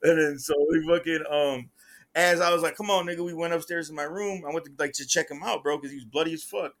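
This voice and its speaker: Animated higher-voiced man telling a story. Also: fast. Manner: animated, acts out quotes with rising pitch, heavy slang. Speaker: podcast host. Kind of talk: casual storytelling.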